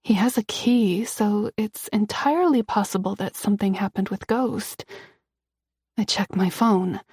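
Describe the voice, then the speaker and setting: A woman's voice: mid-range voice, a little slow, a little mellow, husky, no room sound, clean studio sound. A woman reading a first-person romance thriller audiobook, tense and dramatic, often dropping to a whisper. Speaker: audiobook narrator.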